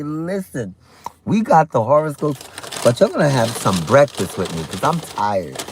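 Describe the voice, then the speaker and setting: Lively chatty man hosting a livestream. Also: medium pitch, normal speed, a little hiss or hum. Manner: animated, chatty, talks while eating. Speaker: livestream host. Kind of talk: casual morning livestream chat.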